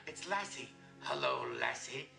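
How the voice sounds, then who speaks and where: A man's voice: medium pitch, wildly swooping pitch, measured pace, gravelly, bright, forceful tone. A man in a spoof comedy film playing a doctor, with a theatrical, drawling manner. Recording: echoey film soundtrack with music.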